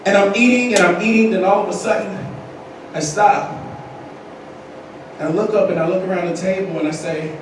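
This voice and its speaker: A man giving an animated, dramatic motivational speech to a conference crowd, telling a story with bursts of shouting. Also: high-pitched, a little fast, pauses often, noisy background. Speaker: motivational speaker. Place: large hall at a conference. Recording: echoey hall from far off.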